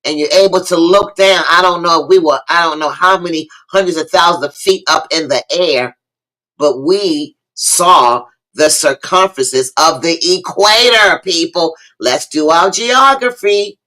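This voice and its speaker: A woman with hosts a lively livestream talk show. Her voice is bright and forward. She preaches more than she chats, hails viewers by name and says key lines over again. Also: on the low side, a little slow, rough recording. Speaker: host of a live online talk show.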